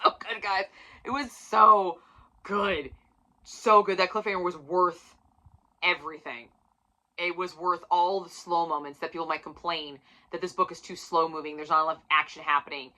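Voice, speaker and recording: Emphatic, bright-voiced woman reviewing a book. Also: mid-range voice, fairly even intonation, moderate pace, low-quality recording. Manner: emphatic, profane, swings from loud to near-whisper. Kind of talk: casual book review vlog.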